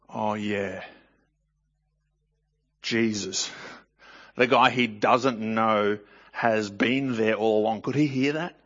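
A man's voice: mid-range voice, fairly even intonation, slow pace, pauses often, fairly bright tone, highs cut off. A man reading scripture aloud and commenting on it in a conversational way, often asking the listener rhetorical questions. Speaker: Bible teacher.

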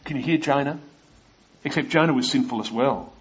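A man's voice: medium pitch, a little fast, slightly rough, lo-fi sound. A man preaching a sermon, retelling stories and asking his listeners questions.

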